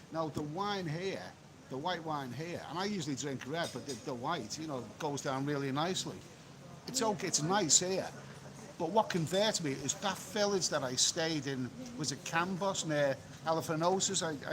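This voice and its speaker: A man's voice: fairly high pitch, rough recording. A man doing a rambling live-stream chat, reading out and answering viewer comments by phone from an outdoor beach cafe. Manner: chatty, rambling, repeats himself. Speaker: travel vlogger.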